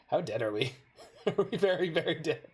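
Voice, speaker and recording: A man's voice: fairly high pitch, lively intonation, moderate pace, slightly rough. Rambling North American man streaming. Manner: rambling, digressive storytelling. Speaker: game streamer. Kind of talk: casual chat while playing a card game.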